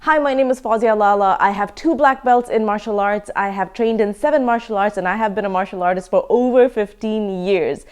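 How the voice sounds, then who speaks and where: A woman in her thirties teaching self-defense in an emphatic, energetic lecture style. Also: medium pitch, a little fast, hardly any pauses, clean tone. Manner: emphatic, energetic, laughs now and then. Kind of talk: online course lecture.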